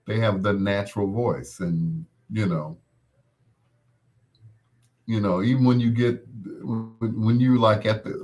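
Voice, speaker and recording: A man hosting a casual chat, animated and laughing often, calling people affectionate pet names. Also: lowish voice. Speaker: host.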